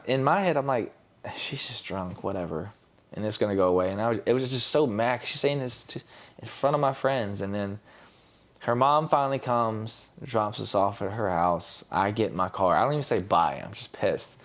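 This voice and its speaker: A young man, a podcast guest, telling a personal story candidly and acting out what others said. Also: lowish voice. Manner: candid, retells scenes with quoted voices. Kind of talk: casual storytelling.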